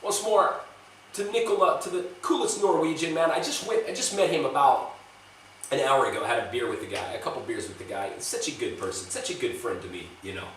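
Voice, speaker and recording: A man talks on in a loose, rambling, chatty way, swearing casually as he tours a small apartment. His voice sits at an ordinary pitch and sounds a little distant from the camera mic. The room around him is strongly echoey, with a faint hum of ambience. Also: fairly quick, fairly bright tone. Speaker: vlogger. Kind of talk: casual vlog chat and apartment tour.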